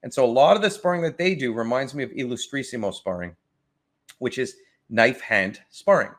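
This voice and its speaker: A man's voice: medium pitch, animated, a little fast, fairly bright tone. A man casually commenting on a martial arts demo, enthusiastic and thinking aloud, often restarting his sentences.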